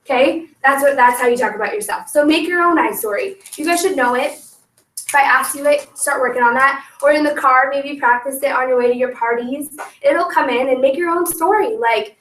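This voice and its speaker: Brief: young woman sales coach, high bright voice, upbeat pep talk, recorded far off in an echoey room. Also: a little fast. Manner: energetic, coaching, acts out scripts. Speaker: sales team leader. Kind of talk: motivational sales training talk. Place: meeting room with a group.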